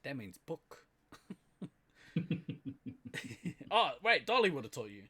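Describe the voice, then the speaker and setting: A man with a New Zealand accent co-hosts a podcast in loose, casual chat. He talks at an average pitch, laughs often and fills his pauses with "um". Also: very animated, bright, forceful tone. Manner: laughs often, chatty and loose, trails off with fillers. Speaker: podcast co-host.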